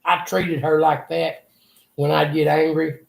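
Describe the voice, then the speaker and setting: A man's voice: fairly high pitch, little pitch movement, measured pace, vocal fry. An older man, earnestly telling a rambling personal story in an interview. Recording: echoey room.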